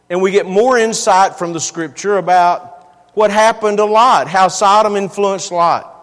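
High-voiced preacher in reverberant church. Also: male voice, a bit bright. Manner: earnest, repeats words for emphasis. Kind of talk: sermon.

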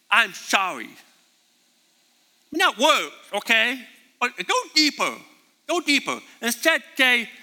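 With a high, very bright, piercing voice, a pastor preaches emphatically, driving his points home by repeating key phrases. The sermon rings out with long reverb, as if in a large church hall.

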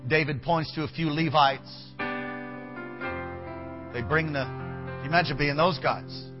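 A pastor with a voice on the high side preaches a little slowly, dramatizing a Bible story with character voices and talking to the band between lines. Soft band music plays in the background, and the recording's high frequencies are cut off.

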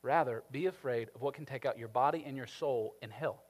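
A man preaching a sermon, animated, swinging from emphatic peaks down to soft, quiet lines. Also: medium pitch, fairly quick, breathy edge. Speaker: pastor. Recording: long hall reverb.

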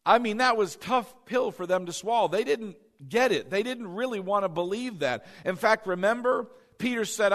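High-voiced man preaching in a reverberant hall. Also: animated, normal speed, fairly bright tone. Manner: emphatic, repeats key phrases, asks the congregation questions. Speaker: pastor. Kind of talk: sermon. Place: church hall with a congregation.

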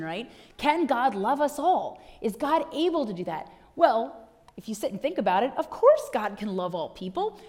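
A woman pastor preaching a conversational sermon, asking rhetorical questions and making wry asides. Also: on the high side. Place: church sanctuary. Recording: long reverb of a church hall.

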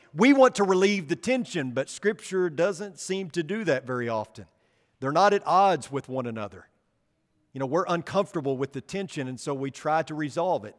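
Male pastor, earnest sermon delivery, voice climbs on key points and softens on asides; long church reverb. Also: high voice. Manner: earnest, preacherly, rises for emphasis and drops soft for asides.

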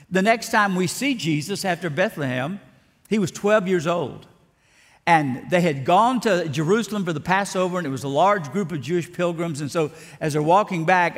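A man's voice: fairly high pitch, fairly bright tone. Man preaching in a reverberant hall. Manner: dramatic emphatic preaching, repeats words. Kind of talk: sermon. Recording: long reverb of a large hall.

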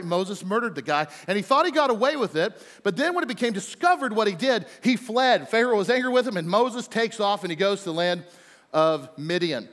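High-voiced joking pastor in reverberant church. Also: male voice, fairly bright tone. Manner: chatty and playful, with frequent fillers and quick jokes. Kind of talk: casual, joking sermon to a congregation. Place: large church sanctuary. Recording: long hall reverb from a large church.

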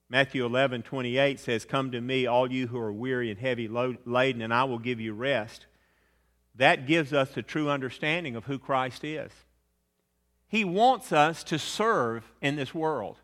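Bright-voiced preacher in an echoing hall. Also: male voice. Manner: earnest, swells louder then drops low and quiet. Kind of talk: sermon.

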